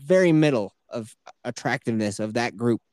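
A man's voice: mid-range voice, animated, brisk, a little mellow, dry recording, studio quality. A man hosting a podcast, telling crude self-mocking stories in casual chat. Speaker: podcast host.

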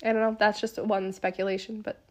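A young woman co-hosting a podcast in casual chat, speaking softly with a sick, hoarse voice and lots of filler words. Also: mid-range voice, flat delivery, fairly quick. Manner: soft-spoken, lots of "like" fillers. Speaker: podcast co-host.

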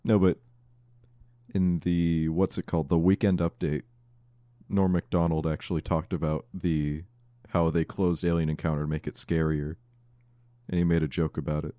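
A man's voice: low-pitched, little pitch movement, moderate pace, warm tone, no echo, studio quality. A young man co-hosting a podcast, laid-back with wry asides. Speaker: podcast co-host. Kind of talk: casual chat.

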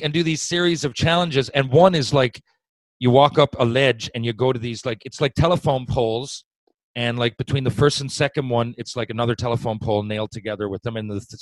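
Profane, animated man spinning a yarn. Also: medium pitch, no room sound, poor audio. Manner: profane, animated, swings loud when worked up. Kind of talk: casual storytelling.

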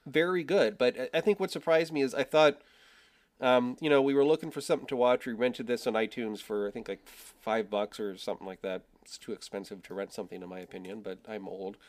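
A man hosting a relaxed film podcast, talking in a halting way with restarts. His voice sits at a middling pitch and often drops quiet at the ends of his thoughts. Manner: halting, with many fillers and restarts, trailing off quietly. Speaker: podcast host. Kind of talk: casual film chat.

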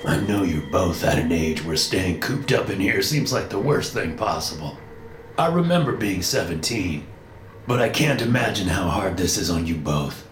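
A man's voice: low-pitched, lively intonation, moderate pace, a little hiss or hum. An overprotective father, raw with emotion and stern, pleads and lectures, as a male narrator plays him. His voice rises and falls widely, set in an echoey room. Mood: emotional. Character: tearful, overprotective middle-aged father.

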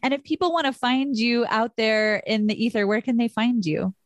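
A woman hosting a podcast talks in a candid, conversational way, open about her feelings and quick to swear. Her voice sits a little high. The sound is close and dry, with no room around it. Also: no echo. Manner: frank and emotional, swears freely. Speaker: podcast host.

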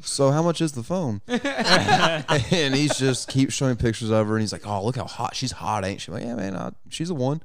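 A man's voice: medium pitch, very animated, normal speed, a bit bright, dry recording, studio quality. A man on a podcast telling a long story to friends in a casual, profane way, laughing as he goes. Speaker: podcast co-host.

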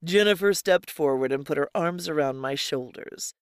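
Steady story reader, middle pitch, dry close mic. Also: moderate pace, clean tone, no echo. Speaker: audiobook narrator. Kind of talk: scripted first-person story reading.

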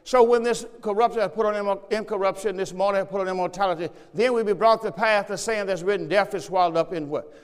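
High-voiced pastor preaching in a hall. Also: male voice, steady tone, quick pace. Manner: call-and-response preaching, repeats phrases. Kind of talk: sermon. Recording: long church reverb.

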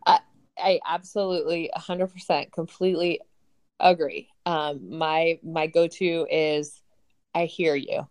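Podcast host, woman, a bit low-pitched, upbeat and chatty with ums. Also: fairly even intonation, a little slow. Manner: warm, enthusiastic, some filler ums. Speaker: podcast host, couples counselor. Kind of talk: casual podcast interview.

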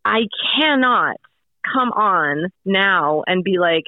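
A woman's voice: on the low side, expressive, slow, no echo. Woman telling a story over a tinny phone line. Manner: rambling, lots of fillers and restarts. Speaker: radio host, guest. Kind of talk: casual storytelling on a call. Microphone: phone call.

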